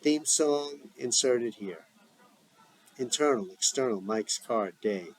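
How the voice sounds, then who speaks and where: Man reading a script aloud with stage directions; plain, deliberate, even. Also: medium pitch, low-quality recording. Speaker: script reader.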